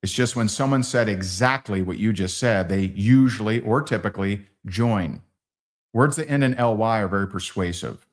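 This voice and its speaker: A man leading a live sales training, acting out both sides of sales calls in lively quoted dialogue. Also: fairly low pitch, moderate pace.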